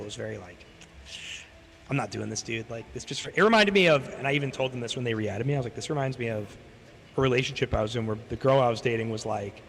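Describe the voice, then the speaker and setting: A man's voice: mid-range voice, bright, forceful tone. A man streaming and telling a long casual story, swearing freely and acting out the people he quotes. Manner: rambling, swears a lot, acts out quoted people. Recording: long hall reverb.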